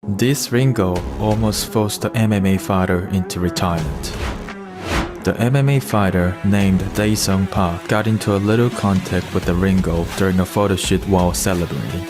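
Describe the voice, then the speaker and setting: A man's voice: low-pitched, moderate pace, music in the background. A man narrating a short video clip in a plain storytelling manner and asking viewers for their opinion.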